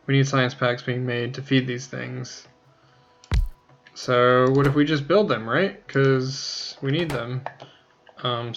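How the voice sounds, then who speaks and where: A man's voice: medium pitch, gravelly, a bit bright. Rambling, self-mocking man, lo-fi mic. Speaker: let's play host. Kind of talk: casual game tutorial commentary.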